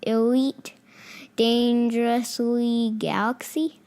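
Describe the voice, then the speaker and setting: A woman's voice: a little high, level tone, slow pace, darkish tone, clear, resonant tone. A woman co-hosting a casual game podcast, reading game descriptions aloud, stumbling over names and teasing her co-host.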